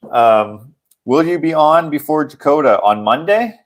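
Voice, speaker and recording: A man's voice: a little high, animated, measured pace. A young man from Canada hosting a casual livestream, joking around and reading viewer comments aloud. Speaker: livestream host.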